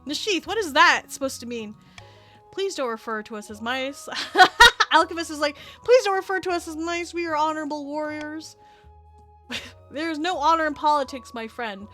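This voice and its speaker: Giggly woman game streamer, high voice, chatty. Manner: giggly, chatty, animated reactions. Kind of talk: live game stream commentary and reading aloud.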